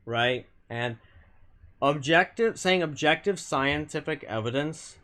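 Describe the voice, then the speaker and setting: A man's voice: a little high, expressive, slow pace, bright, forceful tone. A man streaming a game, talking to chat casually in a blunt, argumentative way, swearing often and restarting his sentences.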